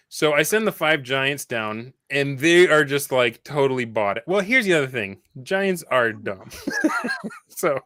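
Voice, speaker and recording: A man's voice: medium pitch, no echo. A man telling stories about a tabletop game session in casual chat, laughing often and acting out quotes. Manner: animated storyteller, laughs often, acts out quotes. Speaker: podcast guest, former game player.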